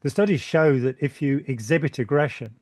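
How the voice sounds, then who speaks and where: A man's voice: mid-range voice, a little fast, darkish tone, no room sound. British man, joking and rambling, dry sound. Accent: British English. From Britain. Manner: rambling, joking, stumbles and repeats words. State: voice tiring. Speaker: channel host. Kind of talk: casual conversation.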